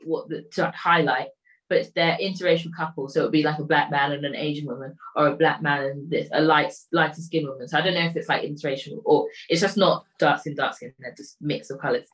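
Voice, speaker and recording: Casual woman, lowish voice, rambling recap full of quoted lines. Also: fairly even intonation, brisk, rough recording. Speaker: storyteller recapping a film. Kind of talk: casual chat.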